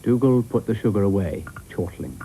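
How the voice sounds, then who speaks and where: A man's voice: on the low side, animated, moderate pace, creaky, dark tone, slight background noise, poor audio. A British man narrating a children's cartoon in a wry, amused storybook manner.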